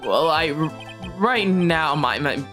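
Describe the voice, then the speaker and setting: A woman's voice: deep voice, expressive, takes it slowly, a bit bright, faint music behind, voice pushed down, full character voice. A woman voicing a timid, stammering young male ventriloquist. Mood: nervous. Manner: nervous stutter, trailing off.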